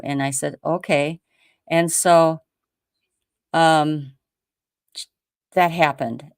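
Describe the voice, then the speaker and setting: A woman from the United States hosting a show, telling a story in a lively casual way, acting out quotes with many restarts. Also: sits low, takes it slowly, long pauses, clear, resonant tone, dry recording, studio quality. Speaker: host.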